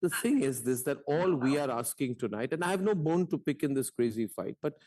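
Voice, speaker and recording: A man's voice: medium pitch, animated, a little fast, dark tone. A man anchoring a heated televised debate, combative and mocking, firing repeated rhetorical questions.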